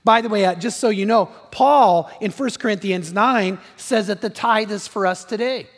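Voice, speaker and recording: A high-pitched man preaching in an earnest, repetitive way, often turning to the congregation with questions. His voice rings through a large, reverberant church hall with a long tail. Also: normal speed. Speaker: pastor. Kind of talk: sermon.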